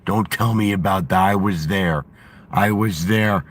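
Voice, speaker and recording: A man doing a comic impression of a gruff, boastful older ex-wrestler who rambles off on deadpan tangents. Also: low voice, unhurried. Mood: deadpan rambling.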